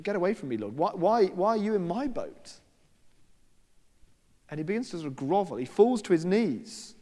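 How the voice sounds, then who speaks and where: Preacher in a reverberant hall. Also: male voice, sits high, a little mellow. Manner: conversational storytelling with quoted voices and asides. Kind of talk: sermon. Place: church.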